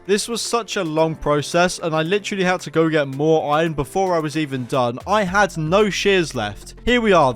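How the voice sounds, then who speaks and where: Joking man narrating a game. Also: a little high. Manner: jokey, self-mocking, sarcastic asides. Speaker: Minecraft YouTuber. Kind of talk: playful gaming commentary. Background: background music.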